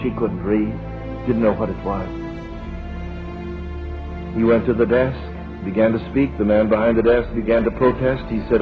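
A man preaching, telling a slow dramatic story that builds to a fervent appeal. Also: fairly low pitch, steady tone. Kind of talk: sermon illustration storytelling. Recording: dull lo-fi sermon recording with music behind.

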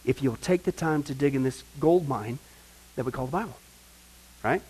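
A man's voice: mid-range voice, normal speed, husky, poor audio. A man teaching a Bible study in a conversational, emphatic way, often checking in with "right?" and "okay?". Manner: emphatic, builds to excited points.

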